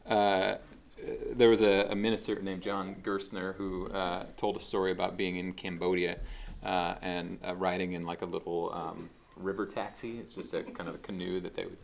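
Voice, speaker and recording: A man's voice: low voice, little pitch movement, moderate pace, creaky, slight background noise. A man preaching a casual, conversational sermon, with frequent fillers and restarts as he talks through a passage. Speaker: pastor.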